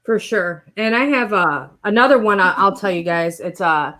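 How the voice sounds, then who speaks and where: A woman telling a personal story in casual conversation, rambling and animated, acting out the voices of the people in it. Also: mid-range voice, moderate pace. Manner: rambling, animated retelling with quoted voices and laughs. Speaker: guest sharing a personal story.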